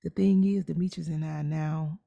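A woman co-hosting a podcast, reflecting in a measured, casual way. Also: low-pitched, steady tone, gravelly, mellow, dull audio. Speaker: podcast co-host.

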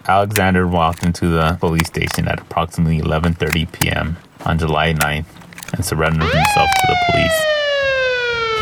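Deep-voiced man narrating horror. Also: vocal fry, a bit bright, a little hiss or hum. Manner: measured, grave storytelling.

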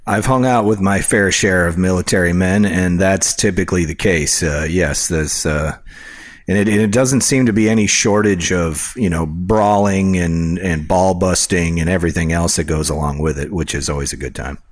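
A man with a very low, deep voice hosts a relaxed podcast chat over drinks. He rambles happily from one aside to the next, and his voice sounds close and dry with no room around it. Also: normal speed, no echo. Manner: rambling and chatty, with many asides. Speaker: podcast host.

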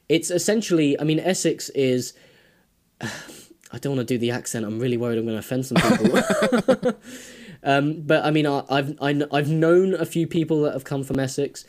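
A man's voice: on the high side, darkish tone. A young adult man from England with an English accent, a podcast guest who talks hesitantly with many fillers and restarts and laughs often. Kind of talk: casual interview chat.

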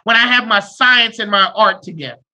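A man in his thirties speaks as a therapist in a casual podcast chat, loud and abrasive with blunt humor. His voice sits fairly high for a man and sounds bright and forceful. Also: a little fast. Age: 30s.

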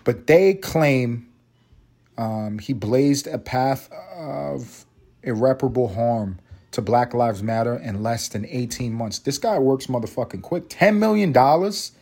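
A man's voice: medium pitch, a little mellow, slightly rough. A young man, hosting a solo podcast, ranting profanely and sarcastically while reading news aloud and riffing on it. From Harlem, New York. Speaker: podcast host.

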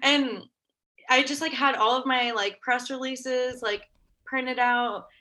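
A young woman in her twenties casually telling a story, full of fillers and quick laughs. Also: sits high, steady tone, sharp tone. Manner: chatty, full of "like" and "oh my God", laughs often.

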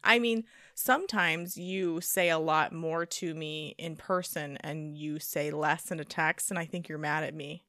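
A woman's voice: low-pitched, bright, forceful tone, no room sound, clean studio sound. Chatty young woman co-hosting a podcast. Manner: chatty and teasing, quick to react. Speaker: podcast co-host. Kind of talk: casual chat.

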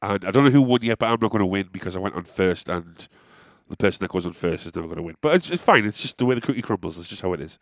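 A man's voice: low voice, animated, racing, no echo, clean studio sound. Sweary man telling a story. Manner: self-deprecating, sweary, rambling. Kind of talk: casual storytelling monologue.

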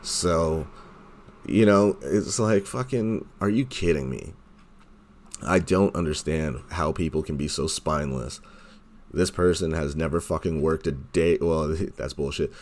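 A man's voice: extremely low pitch, unhurried. A man hosting his own podcast, delivering a heated, sarcastic monologue full of swearing and mocking quotes. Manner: heated, sarcastic, heavy swearing, mocks others in quoted voices. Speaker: podcast host. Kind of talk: profane ranting monologue.

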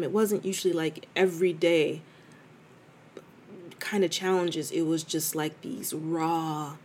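A woman with a low, slightly mellow voice hosts a podcast, reflecting candidly in a chatty monologue. She uses lots of fillers and often restarts her sentences, with slight background noise present.

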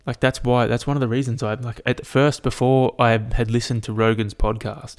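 A man's voice: mid-range voice, level tone, normal speed. A young man hosting a solo podcast, talking casually with lots of swearing and fillers. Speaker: podcast host. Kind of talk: solo podcast rant and storytelling.

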